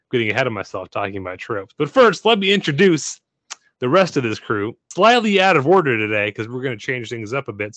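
A man's voice: medium pitch, a bit bright, dry recording. Chatty upbeat guy hosting a podcast, bouncy voice, dry sound. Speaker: podcast host. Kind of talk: casual podcast chat.

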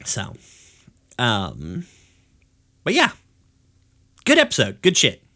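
A man in a loose, rambling podcast chat, retelling a cartoon episode with plenty of swearing. His voice sits at a middle pitch. He laughs often and slips into quick character voices as he goes. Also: wildly swooping pitch, bright, forceful tone. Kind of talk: casual chat.

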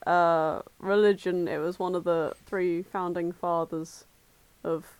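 A woman's voice: fairly low pitch, flat delivery, takes it slowly, darkish tone, smooth. A woman co-hosting a comedy podcast, talking in an amused, rambling way. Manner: amused and rambling, with laughter between phrases. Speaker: podcast co-host. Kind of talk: casual comic banter.

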